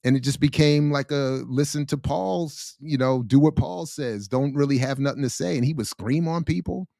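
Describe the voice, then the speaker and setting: A man hosting a casual livestream chat, animated and slangy, laughing often. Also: mid-range voice, normal speed, vocal fry, no echo, studio quality. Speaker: host.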